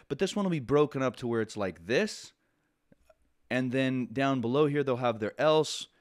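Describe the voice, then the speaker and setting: A man teaching a programming lesson in a conversational way, often restarting sentences and adding asides. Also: mid-range voice. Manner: conversational, self-correcting, with frequent asides. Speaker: programming instructor. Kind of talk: casual lecture.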